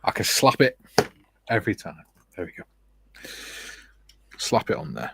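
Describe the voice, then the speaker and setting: A man's voice: lowish voice, big pitch swings, measured pace, vocal fry, fairly bright tone, slight background noise. A middle-aged man hosting a casual modelling livestream, reading out viewer comments and joking with friends. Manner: reads out viewer comments, jokey banter. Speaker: livestream host and scale modeller.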